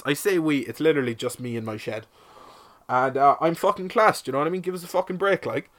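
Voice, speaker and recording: A man's voice: a little high, quick pace, fairly bright tone. A man hosting a solo podcast from his shed, rambling and swearing in a self-mocking comic way. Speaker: podcast host. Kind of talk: casual solo podcast monologue.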